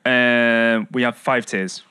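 A man's voice: medium pitch, steady tone, bright, forceful tone, smooth. A man, co-hosting a podcast in easygoing casual chat and leading the segment. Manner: easygoing, leads the segment with quick agreements. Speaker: podcast co-host.

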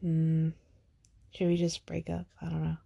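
A young woman hosting a solo podcast, tearful and venting, sighing often and trailing off in halting, repeated phrases. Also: sits low, monotone, creaky, dark tone, no room sound, lo-fi sound. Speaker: podcast host.

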